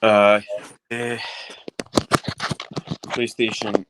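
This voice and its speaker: A man's voice: on the low side, level tone, extremely slow. A man joining a stream as a guest on a call, laid-back and giving short replies. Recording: noisy call line.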